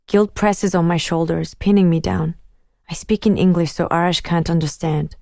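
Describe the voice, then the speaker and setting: A woman narrates a first-person story in a measured, inward way. Her voice is on the low side and mellow. The read is close-miked and dry. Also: steady tone, no room sound. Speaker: audiobook narrator.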